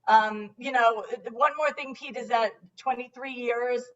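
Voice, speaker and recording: A woman with a Staten Island New York accent, a board member talking earnestly in a halting, conversational way. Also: a little high, steady tone, a bit bright, distant mic, dull audio. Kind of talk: conversational interview chat.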